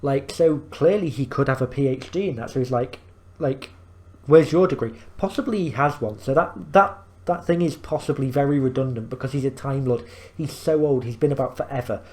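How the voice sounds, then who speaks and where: A man's voice: mid-range voice, fairly quick. A man hosting a reaction video, explaining things in rambling casual commentary full of fillers and restarts.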